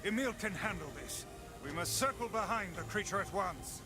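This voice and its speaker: A commanding talking magic book from a game, giving orders in a formal, high voice. Loud game music plays under him. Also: male voice, animated, normal speed. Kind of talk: video game voice acting.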